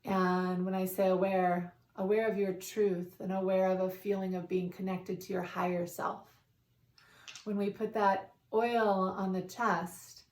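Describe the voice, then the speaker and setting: A woman guiding a meditation in a calm, soothing way, leading breaths and repeating affirmations. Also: medium pitch. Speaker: meditation guide. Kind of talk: guided meditation. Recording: roomy, distant from the mic.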